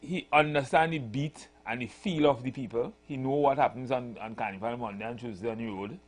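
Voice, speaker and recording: A man hosting a radio talk show, chatting in a relaxed, agreeable way. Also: medium pitch, fairly quick, a crowd in the background. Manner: relaxed, agreeable, chuckles often. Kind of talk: casual radio chat.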